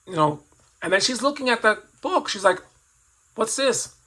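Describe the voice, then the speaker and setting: Bright-voiced man in his fifties reminiscing. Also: high-pitched, sing-song, a little fast, low-quality recording. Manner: rambling, reflective, with frequent restarts and asides. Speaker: toy collector vlogger. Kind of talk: personal storytelling.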